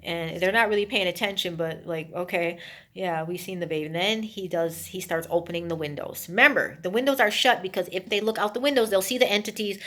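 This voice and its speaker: A woman's voice: medium pitch, fairly quick, few pauses, fairly bright tone. A woman casually retelling a movie's plot, rambling with emphatic asides to her listeners. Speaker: movie reviewer.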